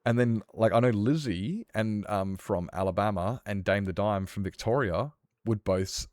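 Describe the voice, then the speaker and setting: A man's voice: fairly low pitch, moderate pace, hardly any pauses, darkish tone, no room sound. An Australian man streaming a game, chatting casually and rambling with lots of fillers while he responds to chat.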